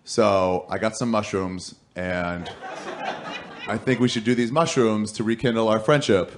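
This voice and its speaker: A man's voice: fairly low pitch, steady tone, measured pace, noisy background. A man in his thirties telling a stand-up story on a club stage into a handheld mic, acting out both sides of phone calls in raised voices. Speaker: stand-up comedian.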